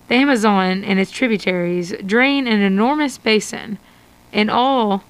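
A woman's voice: mid-range voice, smooth, rough recording. A woman narrating an interactive adventure story for radio, reading steadily. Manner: steady read-aloud storytelling.

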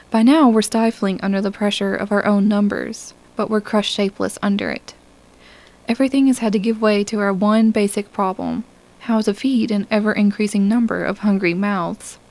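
An idealistic young man pleading his case, as a woman narrator reads him. The delivery is earnest and persuasive, with a gravelly edge to a mid-pitched voice in a science fiction audiobook. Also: a little mellow, natural voice. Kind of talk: audiobook character reading.

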